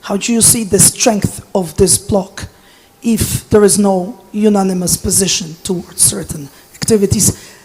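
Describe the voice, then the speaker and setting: A woman from Poland with a hoarse voice, asking a formal, somewhat hesitant question from the audience. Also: mid-range voice, fairly even intonation, unhurried, dark tone.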